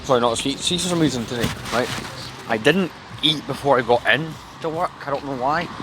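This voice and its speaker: A young man rambles casually while he walks through city streets, swearing freely. He talks into a handheld camera at an ordinary pitch. Traffic and street noise stay loud around him. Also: a little fast. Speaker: vlogger. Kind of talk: casual walking vlog. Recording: noisy street recording.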